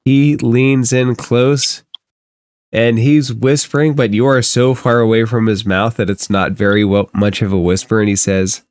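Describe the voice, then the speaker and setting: A man's voice: medium pitch, steady tone, measured pace, a little mellow, clear, resonant tone, no echo, clean studio sound. A man narrating a tabletop game as game master, easygoing and descriptive.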